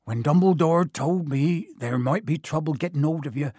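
A man voicing a huge, gruff, warm-hearted giant of a man with a rustic dialect, reading from a storybook. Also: fairly high pitch, normal speed, no room sound, studio quality. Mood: worried, confiding.

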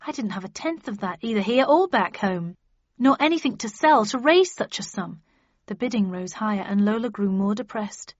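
A woman narrating a first-person audiobook in a measured, expressive storytelling manner. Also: mid-range voice, no room sound. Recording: dull dry studio recording.

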